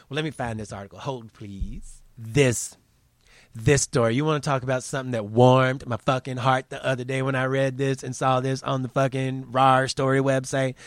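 Crude, animated male commentary host. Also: mid-range voice, no room sound. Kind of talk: casual profane news commentary.

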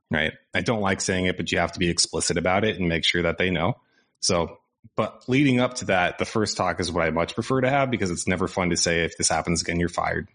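A man co-hosting a podcast, chatting in a measured way and laughing easily. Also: deep voice, a bit bright. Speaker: agency co-owner and podcast host. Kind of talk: casual podcast chat.

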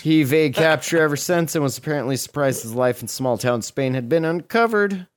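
Animated and fairly quick, this man's voice runs on the high side. As a comedy podcast co-host, he reads out strange news stories in a casual, jokey chat, breaking in with crude and sarcastic comments.

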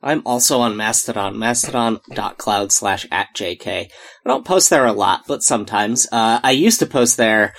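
A man's voice: lowish voice, expressive, normal speed, fairly bright tone. Laid-back man, rambling podcast chat. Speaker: podcast co-host. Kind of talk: casual chat.

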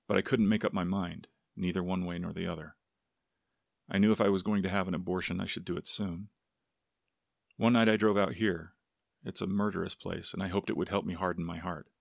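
A man's voice: sits low, fairly even intonation, brisk, vocal fry, no room sound, studio quality. A man voicing a stubborn pregnant young woman in a read novel. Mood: earnest.

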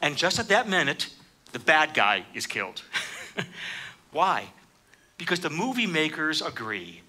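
A man preaching a sermon, reading scripture and explaining it, lifting his voice sharply for quoted lines. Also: a little slow. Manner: animated, raises pitch for quoted speakers.

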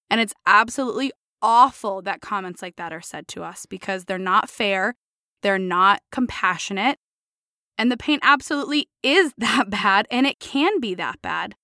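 Young female podcast co-host, playful, quick to laugh, animated higher voice, dry booth sound. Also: dry recording. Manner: giggly and playful, laughing often. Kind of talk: casual chat.

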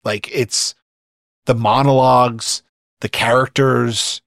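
A man's voice: mid-range voice, steady tone, takes it slowly, vocal fry, a bit bright, no echo, studio quality. A man talking casually and enthusiastically about a film, filling his sentences with "like" and "you know". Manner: enthusiastic, heavy use of "like".

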